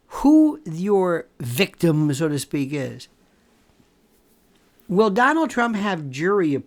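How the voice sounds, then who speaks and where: Older male legal commentator; lively, sarcastic solo commentary delivery. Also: high-pitched. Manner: animated, sarcastic, repeats words. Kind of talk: opinionated commentary monologue.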